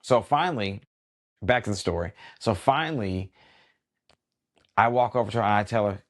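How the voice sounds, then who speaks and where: A middle-aged man, a wedding DJ hosting a podcast, telling a story in a relaxed conversational way with lots of asides. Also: on the low side, normal speed. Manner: relaxed and conversational, many "you know" asides.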